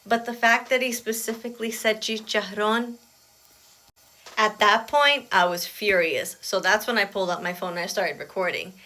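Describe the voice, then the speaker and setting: A woman's voice: medium pitch, bright, forceful tone. A woman telling a story in a casual vlog, chatty and aggrieved, full of "I was like.". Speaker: vlogger recounting an airport experience.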